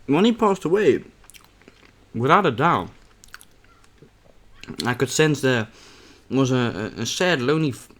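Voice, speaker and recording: A man's voice: mid-range voice, big pitch swings, normal speed, hardly any pauses. A young man vlogging a mukbang, talking casually and candidly between bites, rambling and often saying "man". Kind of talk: casual talk to camera while eating.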